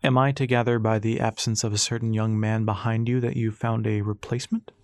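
A man voicing a courteous older gentleman who speaks in a polished, gently chiding manner. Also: lowish voice, flat delivery, brisk, no room sound, natural voice. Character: old gentleman, legendary, dry and courteous.

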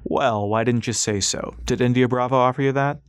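A man's voice: lowish voice, steady tone, fairly quick, no echo, studio quality, lightly acted. A man voicing a sneering one-eyed fighter. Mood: bitterly mocking. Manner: sneering, mocking. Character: bitter, hot-tempered one-eyed young male fighter.

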